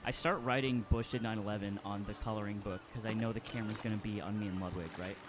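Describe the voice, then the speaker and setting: A man's voice: fairly low pitch, steady tone, fast, noisy background. A man chatting casually about his night, in a loose, laid-back way with casual swearing. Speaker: streamer, podcast guest. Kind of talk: casual chat.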